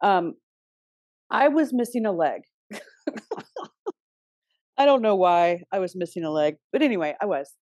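A woman's voice: fairly low pitch, animated, a little slow, pauses often, a little mellow, dry recording, dull audio. A middle-aged woman hosting a casual astrology talk, chatty, restarting often and laughing now and then. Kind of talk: casual spoken advice.

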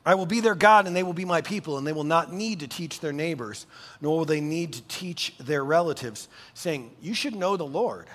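A man preaching a sermon as pastor, animated and conversational, with casual asides to the congregation. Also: a little high, normal speed, long reverb tail.

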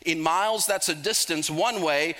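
Male preacher, middle-aged, high bright voice, storytelling with jokes. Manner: storytelling, humorous asides, slows for emphasis. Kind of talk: sermon with personal stories.

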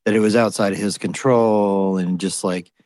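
A man hosting a casual live audio chat, asking questions in a relaxed, conversational way. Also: lowish voice, normal speed, dry recording, studio quality. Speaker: host.

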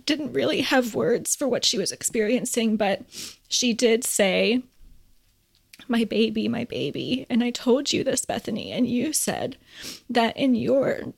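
A woman co-hosting a podcast, speaking earnestly and tearfully, pausing often as she shares a heartfelt story. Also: a little high, gravelly, breathy edge. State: crying. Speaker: podcast co-host.

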